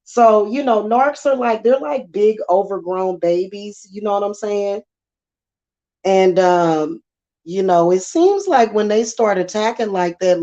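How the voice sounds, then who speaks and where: A woman's voice: medium pitch, darkish tone. A woman, hosting a casual, sassy monologue with many fillers. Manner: chatty, sassy, repetitive fillers. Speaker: spiritual channel host. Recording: dull lo-fi sound.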